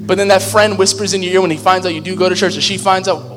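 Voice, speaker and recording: A man with a high-pitched voice preaching in a loose, joking, conversational way. His voice carries a long reverb from a large church hall, and faint music sits underneath. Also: steady tone, fast, few pauses. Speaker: pastor. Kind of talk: sermon.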